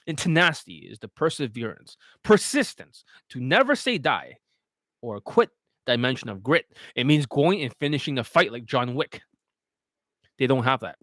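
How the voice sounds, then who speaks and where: A man's voice: mid-range voice, big pitch swings, moderate pace, fairly bright tone, no echo, studio quality. Blunt, profane male dating coach. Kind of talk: casual livestream talk and sales pitch.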